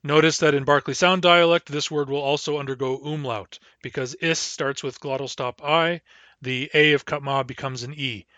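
A man's voice: on the high side, fairly even intonation, sharp tone, no room sound, dull audio. A man giving a recorded language lesson, carefully repeating each word and explaining its pronunciation. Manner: measured, spells out and repeats each word slowly. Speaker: language teacher.

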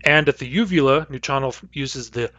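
Male instructor, patient phonetics lecture, mid-pitched, dry close sound, models each sound aloud. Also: normal speed, fairly bright tone, dry recording, dull audio. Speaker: language teacher.

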